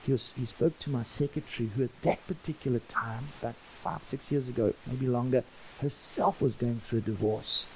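A man preaches a storytelling sermon, voicing the people in his anecdotes as he goes. His voice sits at a middle pitch for a man. A faint hiss runs under the recording. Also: moderate pace, poor audio. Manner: animated, acts out dialogue in his stories. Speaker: pastor.

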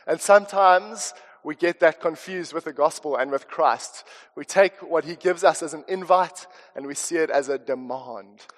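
A man's voice: on the high side, normal speed. A man with a South African accent preaching a conversational, earnest sermon with chatty asides, in a church hall. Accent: South African English. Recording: long reverb of a church hall.

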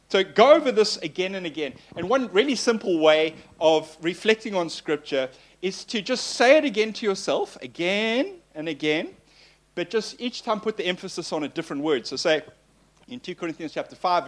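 A man teaching in a sermon, animated and playful, repeating phrases for emphasis. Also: high-pitched. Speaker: pastor.

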